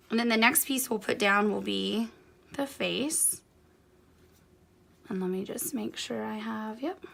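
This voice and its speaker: A woman teaching a quilting project step by step, her voice carrying a gravelly fry. She chats in an easy, encouraging way while her hands stay busy with the work. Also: mid-range voice, fairly bright tone. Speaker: quilting instructor. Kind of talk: hands-on sewing tutorial.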